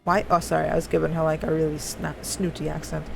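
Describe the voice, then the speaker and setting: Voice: mid-range voice, little pitch movement, fast, gravelly, hardly any pauses, background noise. A streamer chatting casually while playing a game from home, rambling and correcting themselves as they go. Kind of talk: casual chat while gaming. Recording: game music behind the voice.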